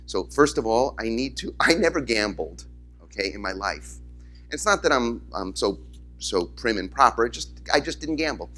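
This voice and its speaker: A rabbi gives a keynote to a crowd, a man whose voice comes across bright and forceful. He spins his stories with animation and slips into the voices of others, while a little music lingers faintly behind him. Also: medium pitch, normal speed. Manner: storytelling, animated, acts out quoted voices. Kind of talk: conference keynote speech. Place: conference hall, in front of audience.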